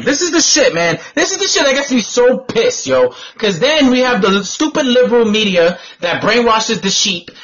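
A man's voice: sits high, bright, forceful tone. A man co-hosting an online talk radio show, ranting and swearing in exasperated casual banter. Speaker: co-host. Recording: dull lo-fi online radio audio.

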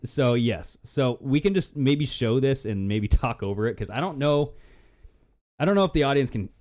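A man's voice: mid-range voice, lively intonation, moderate pace, a little mellow. Chatty laughing podcast guy. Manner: chatty, laughs often, narrates a clip. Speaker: podcast co-host. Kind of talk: casual chat.

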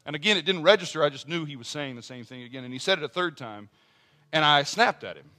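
A middle-aged man preaching a sermon as pastor, earnest, dropping to soft personal asides and rising to strong emphasis. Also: on the high side, expressive, fast, soft background music.

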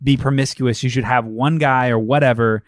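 A man talking casually about a film, lively, acting out the characters as he retells scenes. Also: mid-range voice, no echo, clean studio sound. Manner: lively, acts out characters in quick voices.

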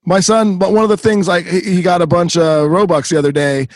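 A man with a slightly raised pitch tells stories in a casual chat, laughing easily and acting out other people's lines. His voice is recorded dry and close. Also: steady tone, a little fast, dry recording. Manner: storytelling, mimics his kid, laughs often. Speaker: podcast co-host.

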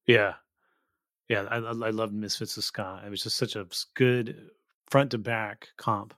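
A podcast host from the Bay Area, USA, talks about music with the eager, earnest enthusiasm of a fan in a casual interview chat. His voice is lowish and fairly bright, with fairly even intonation at a measured pace, captured in dry, studio-quality audio.

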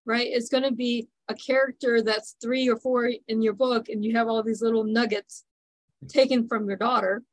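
A middle-aged woman hosts a relaxed interview in a friendly, chatty way. Her voice sits a bit high. The recording is close and dry, with no room sound. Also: normal speed, no room sound, low-quality recording. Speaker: podcast host. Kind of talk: casual interview chat.

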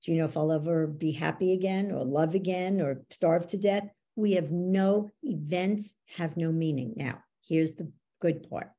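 A woman coach explaining how beliefs work, teaching through lively anecdotes and acting out what people said. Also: lowish voice, moderate pace, hardly any pauses. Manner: animated storyteller, acts out quoted dialogue. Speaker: belief coach, podcast guest.

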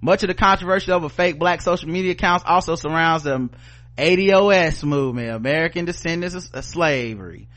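A man's voice: fairly high pitch, a little fast, fairly bright tone. A man with a Southern US accent co-hosting a podcast, ranting heatedly and sarcastically, swearing often and reading news aloud. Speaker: podcast co-host. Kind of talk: profane opinion podcast rant.

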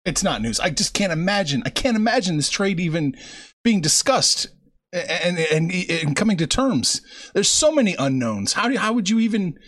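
Lively-voiced male sports co-host. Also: sits high, normal speed. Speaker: sports betting podcast co-host. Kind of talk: casual sports talk.

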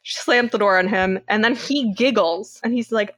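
A woman's voice: mid-range voice, moderate pace, no echo. Chatty Canadian-raised woman, dry sound. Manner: animated storyteller, laughs often, swears freely. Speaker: podcast co-host. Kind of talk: casual movie recap chat.

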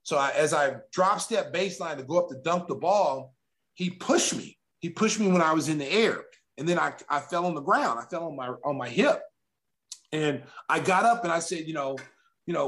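A man's voice: fairly high pitch, normal speed. A middle-aged man, a former pro basketball player, telling a story casually and animatedly, acting out the lines of others. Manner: animated, acting out quotes, frequent restarts.

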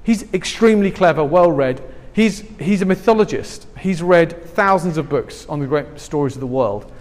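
A man preaching a sermon, animated and emphatic, swinging between loud and hushed. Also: on the high side, normal speed. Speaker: pastor. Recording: long hall reverb.

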